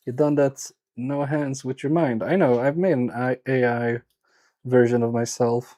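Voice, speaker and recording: A man's voice: mid-range voice, fairly even intonation, measured pace, dark tone. A man chatting casually on a live stream while repairing electronics, joking and teasing his viewers in a self-mocking way.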